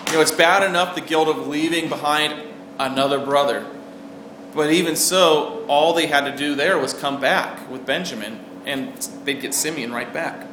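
A man's voice: a little high, normal speed. A man preaching a sermon in an earnest way, asking the listeners questions as he goes. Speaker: pastor. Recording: roomy echo with faint background noise.

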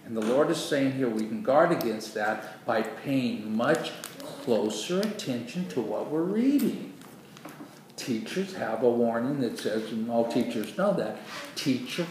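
A man preaching a sermon in an earnest, animated way, acting out quoted voices, with a dry throat after surgery. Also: medium pitch. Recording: echoey room, far from the mic, noisy.

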